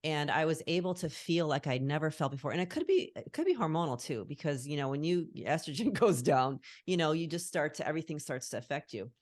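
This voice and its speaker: A woman's voice: low voice, animated, a little fast, few pauses, a little mellow, dry recording, studio quality. A middle-aged woman talking earnestly as a guest on a call, reflective and searching for her words. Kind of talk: casual conversation on a call. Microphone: call recording.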